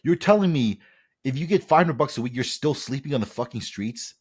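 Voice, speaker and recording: A man co-hosting a podcast, talking forcefully and swearing in casual chat. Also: medium pitch, expressive, fairly quick, slightly rough. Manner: forceful, profane. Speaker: podcast host.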